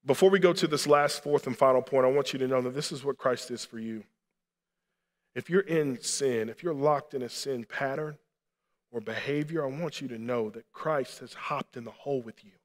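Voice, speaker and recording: A man's voice: mid-range voice, normal speed. Man preaching in a reverberant hall. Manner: earnest preaching, rising to impassioned appeals. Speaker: pastor. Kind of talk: sermon. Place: church sanctuary.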